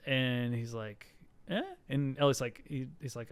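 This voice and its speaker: Smooth-voiced man, rambling recap. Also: mid-range voice, a little slow, dry recording. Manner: rambling, filler-heavy storytelling that acts out the characters' lines. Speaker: podcast co-host recapping a TV episode. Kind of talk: casual chat.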